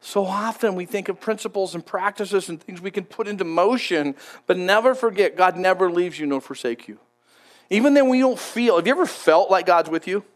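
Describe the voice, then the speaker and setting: A man with a notably high voice preaches a sermon in a casual, conversational way. He leans on emphasis and often repeats words as he builds his points. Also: expressive, brisk. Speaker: pastor.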